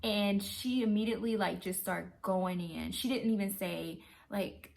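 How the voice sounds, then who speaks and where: Excitable woman with a gravelly edge. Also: mid-range voice, unhurried, few pauses. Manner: animated, excitable retelling; acts out her own reactions. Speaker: travel vlogger. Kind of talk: casual storytelling.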